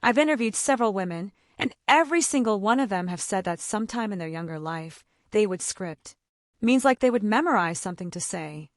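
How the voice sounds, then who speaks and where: A woman's voice: mid-range voice, animated, brisk, dry recording, studio quality. A mother of autistic children giving casual advice, chatty and full of "like", acting out the conversations she describes. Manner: chatty, fills speech with "like", acts out quoted dialogue.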